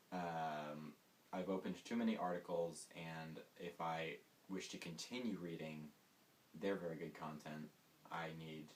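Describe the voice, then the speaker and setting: A man hosting a comedic monologue, rambling and mocking himself with sarcastic asides. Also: low voice. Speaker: host. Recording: distant mic with faint hiss.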